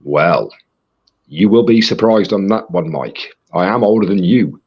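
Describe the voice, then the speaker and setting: Husky low-voiced man, lo-fi. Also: lively intonation, unhurried. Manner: reads viewer comments aloud, rambling. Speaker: co-host reading chat. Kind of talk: casual live-stream chat.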